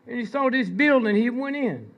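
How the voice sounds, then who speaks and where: An older man telling stories to a live audience, prodding listeners with repeated "Hmm?" and "Huh?" between pointed pauses. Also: very high-pitched, animated, highs cut off. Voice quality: gravelly, husky. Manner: slow, drawn-out delivery with pointed pauses. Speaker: speaker addressing an audience. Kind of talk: storytelling lecture to a live audience.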